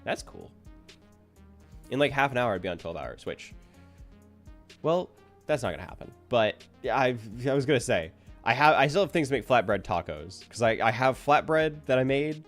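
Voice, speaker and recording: A man's voice: medium pitch, animated, normal speed, soft background music. A man chatting casually to his viewers at the end of a stream, rambling and self-deprecating.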